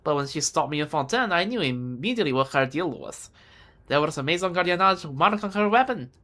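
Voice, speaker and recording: A woman's voice: deep voice, expressive, a little fast, fairly bright tone. A woman voicing a sly female merchant in a put-on Slavic accent, teasing and stumbling over some words while reading game dialogue aloud.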